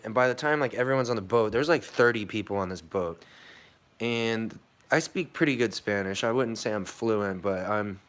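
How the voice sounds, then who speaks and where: Rambling, profane low-voiced young man. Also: moderate pace, fairly bright tone. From United States. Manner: rambling, profane, many fillers and restarts. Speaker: vlogger. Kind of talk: casual storytelling monologue.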